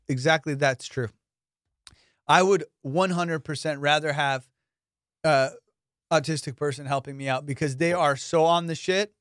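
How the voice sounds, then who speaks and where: A man's voice: on the high side, a bit bright, no room sound, clean studio sound. A man hosting a podcast, chatting casually and telling stories full of swearing and laughter. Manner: profane, storytelling, laughs often. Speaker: podcast host. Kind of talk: casual chat.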